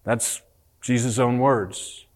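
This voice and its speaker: A man in his thirties preaching to his church, his voice sitting at a middle pitch. He speaks earnestly and pushes up in pitch and volume to drive a point home, then drops low and quiet for sober truths. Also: takes it slowly. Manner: earnest preaching, rising for emphasis, animated storytelling. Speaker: pastor. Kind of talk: sermon.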